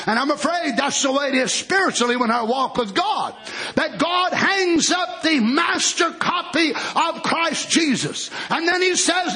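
A man preaching as pastor, building to shouted, drawn-out lines. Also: very high-pitched. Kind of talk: sermon.

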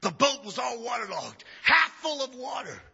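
A male preacher delivering a revival sermon, chanting upward and dropping to a hush. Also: very high voice, big pitch swings, normal speed, vocal fry, husky. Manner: chanting rises and sudden drops to a hush. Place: church sanctuary. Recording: dull lo-fi church recording.

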